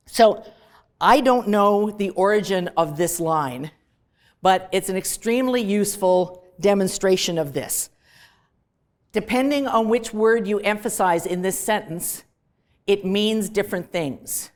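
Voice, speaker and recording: A woman professor with a Canadian accent lecturing a class in a classroom, lively and emphatic, stressing words for effect. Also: mid-range voice, unhurried.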